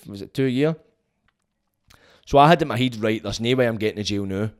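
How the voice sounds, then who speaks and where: Blunt, profane Scottish man. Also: medium pitch. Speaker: vlogger giving prison advice. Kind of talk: casual monologue.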